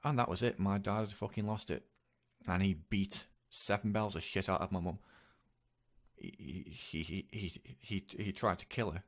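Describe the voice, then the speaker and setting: A man telling a personal story in a confessional vlog, speaking haltingly and earnestly with many repeats. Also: low voice, steady tone. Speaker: vlogger.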